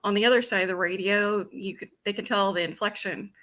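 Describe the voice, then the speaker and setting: A woman's voice: medium pitch, steady tone, fairly quick, pushed and bright. A woman guest, a retiring dispatch supervisor, answering interview questions in a plain-spoken way.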